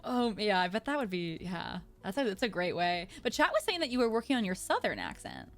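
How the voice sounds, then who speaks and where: A woman's voice: medium pitch, huge pitch swings, a little fast, soft background music. An American woman, a voice actor, hosting a casual interview, asking questions in a bubbly, encouraging way and giggling often. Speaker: host, voice actor.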